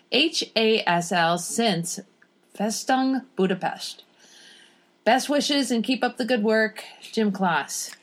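A woman, a guest on a family podcast at home, reading listener letters in a steady, careful way. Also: medium pitch.

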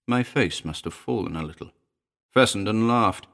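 A man reading a first-person story aloud as an audiobook narrator, in a measured storytelling manner. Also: on the low side, gravelly, fairly bright tone.

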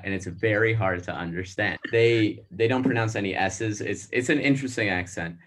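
A man's voice: on the low side, a little fast, few pauses, fairly bright tone, a little hiss or hum. A young man from Spain, a guest chatting casually and enthusiastically in an interview. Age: young adult.

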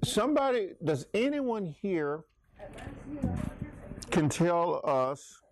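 Lively Bible class leader. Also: mid-range voice, slow pace. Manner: animated, questioning, jokey asides. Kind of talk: interactive Bible class teaching.

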